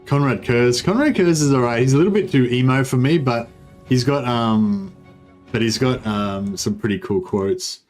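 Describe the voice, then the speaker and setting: A man's voice: mid-range voice, normal speed, a little mellow, faint music behind. A young Australian man giving rambling, laid-back commentary while streaming a strategy game, full of fillers. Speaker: gaming streamer. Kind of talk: casual livestream commentary.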